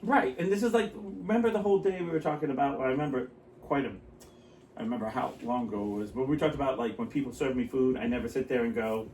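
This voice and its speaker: A man's voice: mid-range voice, fast. A man co-hosting a podcast, chatting casually and telling rambling stories with lots of laughter. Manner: rambling, animated storytelling with frequent laughter. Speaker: podcast co-host. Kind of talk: casual chat. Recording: roomy, slightly distant with faint noise.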